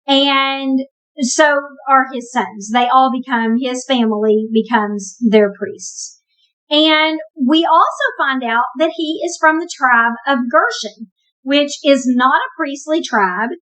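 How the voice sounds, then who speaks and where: High-voiced woman retelling a Bible story. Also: slow pace, fairly bright tone, low-quality recording. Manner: conversational, wry, emphatic. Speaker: Bible teacher.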